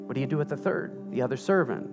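A man preaching a sermon as pastor, playful and animated as he tells a story. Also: medium pitch, fast talker. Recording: reverberant hall with music underneath.

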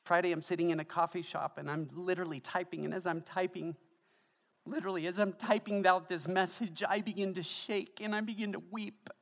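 A man preaching as the pastor of a church, emotional and tearful, building to loud, fervent delivery. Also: high voice, fairly even intonation, brisk, gravelly. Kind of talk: sermon. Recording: long church hall reverb.

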